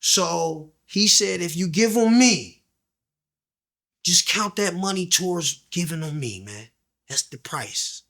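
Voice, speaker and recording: His voice sits high, a bit bright and animated, delivered at a slow pace. The man is a guest in a candid storytelling interview, telling his story in slang, voicing the people he quotes and dipping to almost a whisper when it gets tense.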